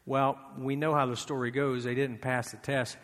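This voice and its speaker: Bright-toned preacher in an echoing hall. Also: male voice, mid-range voice, flat delivery, normal speed. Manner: conversational preaching, frequent rhetorical questions and repetition. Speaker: pastor. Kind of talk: sermon. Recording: long hall reverb.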